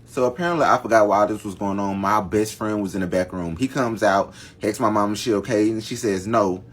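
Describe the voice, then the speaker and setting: A lowish, slightly rough male voice talks a little fast while spinning out a lengthy family story for his storytime vlog. The telling is casual yet dramatic, and he addresses his viewers directly.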